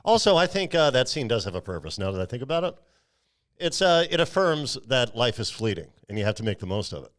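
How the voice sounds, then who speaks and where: A man's voice: medium pitch, very animated, brisk. A man hosting a podcast, recapping a film in casual chat with frequent jokes and laughter. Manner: jokey, laughs often.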